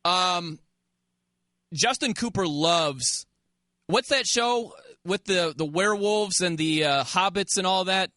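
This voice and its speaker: A man hosting a sports talk radio show, teasing his co-host and callers with quick banter and frequent laughs. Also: sits high, bright, forceful tone, no echo. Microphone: studio microphone.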